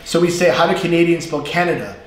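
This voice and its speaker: A man with a New York accent teaching a relaxed live English lesson, chatty and animated, often mimicking regional accents. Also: fairly high pitch, fast, a crowd in the background. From USA. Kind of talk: live-streamed casual lesson. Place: language school classroom. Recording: very echoey room, faint noise.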